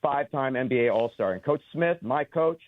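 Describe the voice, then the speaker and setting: A man's voice: mid-range voice, expressive, a little fast, no room sound. A man in his forties from Los Angeles calls in to a sports radio show. He talks in an earnest, emphatic way and tends to ramble through his stories. His voice reaches the studio as a tinny, narrow phone line. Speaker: caller. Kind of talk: call-in radio chat. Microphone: phone call.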